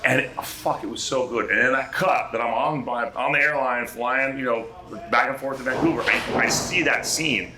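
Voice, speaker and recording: A male actor, a guest on a bar talk show, telling animated stories with lots of restarts and swearing. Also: medium pitch, moderate pace, echoey room, background noise. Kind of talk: casual chat, anecdote telling.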